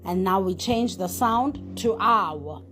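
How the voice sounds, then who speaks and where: A woman's voice: medium pitch, lively intonation, takes it slowly, a bit bright, a little hiss or hum. A woman teaching a phonics lesson, sounding out each letter and then saying the whole word. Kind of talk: slow, deliberate phonics lesson.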